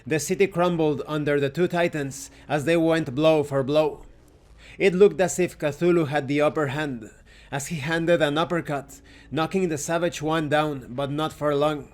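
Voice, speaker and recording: Hosting a channel that reviews tabletop games, a man reads lore aloud in a sincere storytelling manner, then thanks his viewers. His voice is fairly high and steady at a normal speed, and he pauses to fix his own pronunciation.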